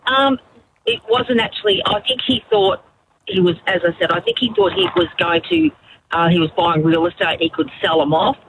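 A woman's voice: medium pitch, normal speed, a little hiss or hum, rough recording. A woman calling into a radio show and telling a family story with lots of fillers. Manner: animated storytelling, hesitant fillers. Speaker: caller. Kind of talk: phone-in story.

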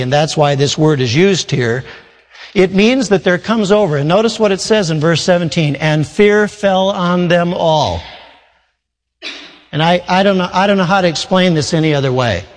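A man pastor preaching a sermon, reading scripture and explaining it in an animated way. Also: fairly high pitch, a little fast, long reverb tail, low-quality recording.

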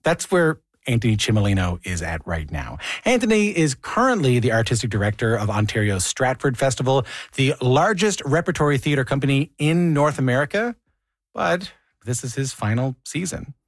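A man's voice: medium pitch, very animated, normal speed, no room sound, studio quality. A man hosting a radio interview show, talking in a casual, chatty way. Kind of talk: hosted radio interview with intro monologue. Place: radio studio.

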